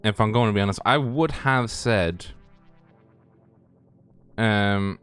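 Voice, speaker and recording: A man co-commentating a sim race in casual chat, laid-back and teasing, with halting phrasing. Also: on the low side, fairly bright tone, clear, resonant tone, faint music behind.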